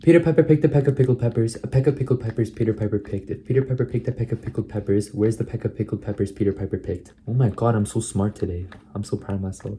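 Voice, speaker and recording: A man's voice: lowish voice, fast, hardly any pauses, mellow, a little hiss or hum. A young man in a casual vlog, chatting and reciting tongue twisters, often tripping and starting over. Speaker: vlogger. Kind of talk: casual self-recorded practice vlog.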